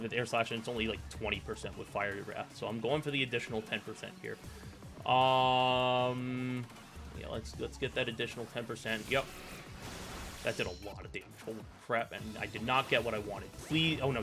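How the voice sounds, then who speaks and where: A young man commenting on his own online game battle in a casual play-by-play, with fillers, often erupting into loud, frustrated yelling. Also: medium pitch. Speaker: gaming YouTuber.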